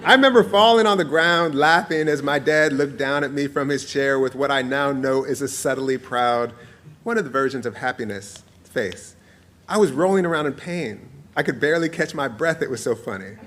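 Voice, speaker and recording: A man in his forties reading his own essay aloud to an audience, with playful, warm storytelling and frequent laughter. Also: mid-range voice, moderate pace. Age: 40s. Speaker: author.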